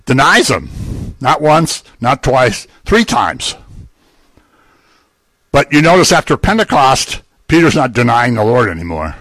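A man's voice: medium pitch, sing-song, unhurried, a bit bright, dry recording. Older male preacher, conversational, jokes between points, dry close sound. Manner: conversational, joking asides. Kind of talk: sermon.

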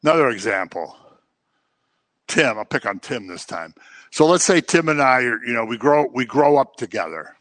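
Bright-voiced man preaching. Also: mid-range voice, lively intonation, normal speed, dry recording. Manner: conversational teaching with acted-out examples. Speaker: pastor. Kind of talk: sermon.

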